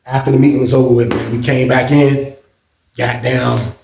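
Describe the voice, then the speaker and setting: A man hosting his own channel, telling a prison story in casual, animated slang and repeating points for emphasis. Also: medium pitch, normal speed, creaky, background noise. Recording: roomy echo.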